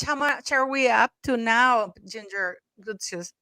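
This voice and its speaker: A woman's voice: a little high, measured pace, pushed and bright, dry recording. A woman co-hosting a live stream in casual chat. She thanks viewers often and laughs easily.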